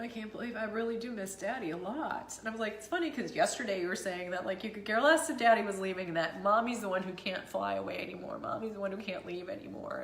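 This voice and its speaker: A woman's voice: medium pitch, creaky, slight background noise. Woman, 30s, mom vlogger; emotional, self-deprecating, rambling; echoey room. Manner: tearful, rambling, self-deprecating, laughs through it. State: teary after crying. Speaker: vlogger, mother of two. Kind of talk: emotional personal vlog.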